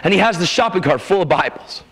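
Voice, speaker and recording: A man delivers a revival sermon as a personal testimony. His voice rides high and leaps up and down, emphatic and animated as he acts out the people in his story. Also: quick pace, rough recording. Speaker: preacher. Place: church revival meeting.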